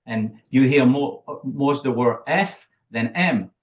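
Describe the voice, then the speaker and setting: A man's voice: medium pitch, takes it slowly. A man with a French accent, whose first language is French, chats as a guest on an interview show. He chuckles often, restarts his sentences and bends English grammar. The recording sounds a little dull and lo-fi. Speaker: guest, public speaking coach. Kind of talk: casual interview talk.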